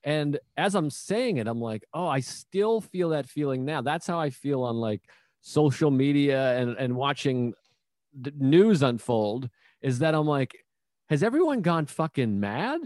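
A man's voice: medium pitch, a little slow, darkish tone, no room sound, studio quality. A man hosting a podcast, swearing freely and acting out quotes as he tells rambling stories in casual chat. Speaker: podcast host.

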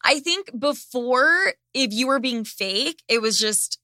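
Bright, animated woman ranting. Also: high-pitched, slow pace, no room sound, clean studio sound. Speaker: podcast host. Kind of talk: casual chat.

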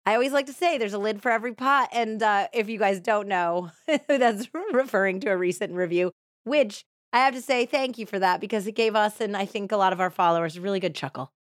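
A woman's voice: medium pitch, fairly quick, no echo, studio quality. A woman in her thirties co-hosting a true crime podcast, chatting and laughing between scripted narration. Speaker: podcast co-host.

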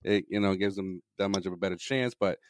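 A man's voice: deep voice, fast, dry recording, studio quality. A man co-hosting a podcast in casual sports chat, often repeating words as he starts a thought. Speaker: podcast co-host.

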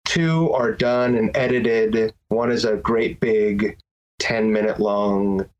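A man talking casually as a guest on a podcast, rambling with many restarts and animated bursts. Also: on the low side, takes it slowly, dull audio. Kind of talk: casual interview chat.

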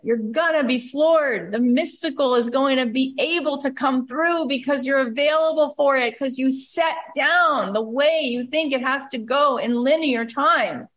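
A woman hosting a motivational podcast, with a fairly high voice. She talks with eager emphasis and stacks repeated phrases into rhythmic runs. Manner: uses spiritual self-help vocabulary. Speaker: podcast host.

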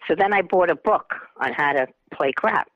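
An older woman is calling in and spinning a chatty tale, laughing as she goes. Her voice sits a little high and swings widely. The line sounds dull and dry. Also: normal speed, no echo. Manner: chatty, animated storyteller, laughs often. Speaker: phone-in guest, host's mother. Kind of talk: storytelling on a phone call. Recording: muffled phone line.

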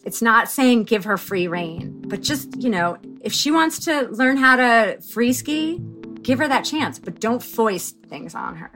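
A middle-aged woman telling a personal story as a podcast guest, animated and chatty with lots of fillers. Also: on the high side, a little slow, faint music behind. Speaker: guest, author and mother.

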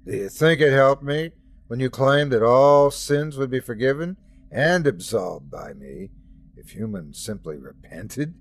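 A man's voice: mid-range voice, expressive, measured pace. A man voicing a jealous, domineering male God who rants and mocks. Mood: mocking. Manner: scornful, mocking rants.

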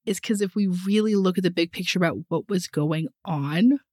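A woman co-hosting a casual podcast chat, speaking emphatically and slowing down to stress her points. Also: fairly low pitch, a little mellow, dry recording, studio quality. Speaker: podcast co-host, therapist.

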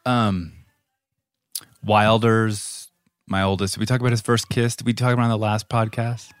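A man in his forties co-hosting a podcast, telling a story in animated casual chat and laughing often. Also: lowish voice, moderate pace, clean tone, dry recording. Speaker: podcast co-host.

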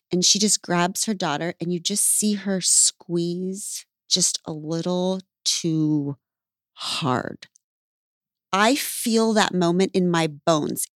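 A woman's voice: fairly low pitch, dry recording. Earnest woman podcast host, dry sound. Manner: earnest, emphatic, personal. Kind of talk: casual podcast conversation.

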